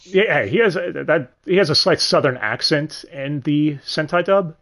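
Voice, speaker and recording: A man's voice: on the high side, measured pace, fairly bright tone. A young man hosting a livestream, rambling casually about dubs, swearing and correcting himself as he goes. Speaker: stream host.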